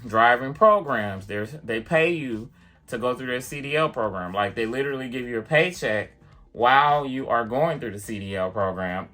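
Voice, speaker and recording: A man vlogging, chatty and animated as he tells a personal story to the camera, full of casual fillers. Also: mid-range voice. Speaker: vlogger and piano teacher.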